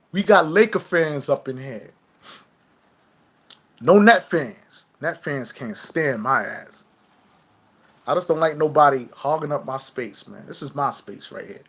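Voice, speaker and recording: A man's voice: a little high, a bit bright. A man hosting a livestream, ranting brashly and swearing at his viewers. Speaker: livestream host. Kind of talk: profane livestream rant to viewers.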